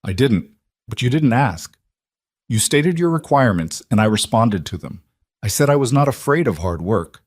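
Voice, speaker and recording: A man voicing a poised young frontier bride who speaks in a clear, measured, precise way. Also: medium pitch, sing-song, dry recording, clean studio sound. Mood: calm, measured.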